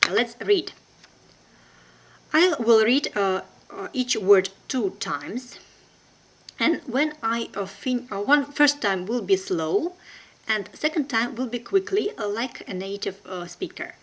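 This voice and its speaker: A woman with a Russian accent, a native Russian speaker, teaching a language lesson online in a careful, deliberate way with frequent hesitations. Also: medium pitch, lively intonation.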